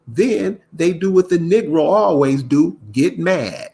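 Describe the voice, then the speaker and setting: A man's voice: a little high, animated, takes it slowly, vocal fry, dark tone. Exasperated man ranting to camera. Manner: exasperated, preachy, repeats and restarts words. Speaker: commentator. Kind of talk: casual rant to camera.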